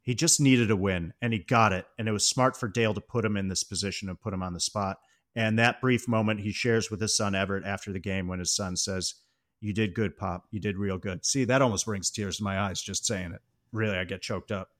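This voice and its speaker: A man on a podcast casually discussing a film, recounting scenes in an animated way and often laughing as he talks. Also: lowish voice, brisk. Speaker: podcast co-host.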